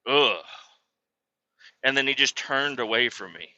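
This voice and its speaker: A man hosting a comedy podcast, ranting with heavy profanity and sudden bursts of shouting. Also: mid-range voice, lively intonation, measured pace, pauses often, dry recording. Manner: profane, erupts into shouting tirades. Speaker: podcast host. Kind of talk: comedic rant. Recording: dull lo-fi recording.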